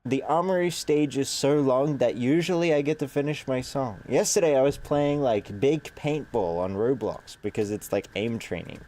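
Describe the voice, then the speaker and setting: A man's voice: medium pitch, normal speed, few pauses, mellow. A young man with a congested nose, rambling sarcastically in casual gaming commentary. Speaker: streamer.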